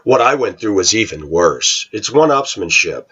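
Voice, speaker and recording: A man's voice: on the low side, very animated, normal speed, a bit bright, breathy edge. A middle-aged man talking to his viewers in a rambling, opinionated monologue. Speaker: vlogger. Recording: dull lo-fi recording.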